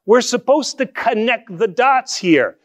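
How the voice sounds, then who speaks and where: A male pastor delivers a conversational sermon in a very high voice with lively intonation. He poses rhetorical questions and moves between quick asides and slow, emphatic phrases.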